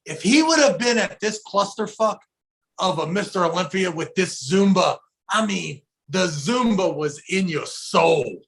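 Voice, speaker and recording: This male co-host of a podcast speaks with a high pitch at a measured pace. Chatting casually, he spins a profane, animated story, acting out other people's quotes.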